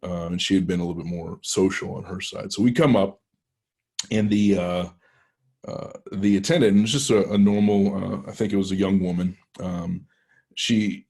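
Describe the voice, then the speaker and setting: A man's voice: sits low, fairly even intonation, moderate pace, gravelly, a little mellow, slightly rough. A man with a Texan accent, a penetration tester telling a story to a club, rambling and hesitant with many restarts. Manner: rambling anecdotal delivery, frequent hesitations and restarts. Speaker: penetration tester guest speaker.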